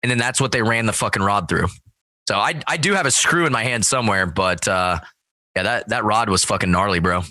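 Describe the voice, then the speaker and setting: A man in casual chat, telling a rowdy story full of swearing and quoting other people in loud voices. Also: on the low side, fairly quick, no room sound. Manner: profane, storytelling, acts out quoted voices loudly. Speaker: guest.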